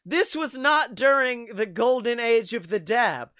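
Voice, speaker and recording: A man's voice: extremely high pitch, expressive, a little slow, sharp tone, dry recording, studio quality. A young man co-hosting a podcast, joking and laughing often as he tells stories in casual chat. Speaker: podcast co-host.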